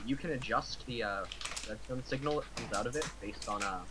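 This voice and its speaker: A man's voice: mid-range voice, fairly quick, a crowd in the background, low-quality recording. A man from Ohio chatting casually on a group voice call, rambling with repeated words. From Ohio, USA. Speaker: podcast participant.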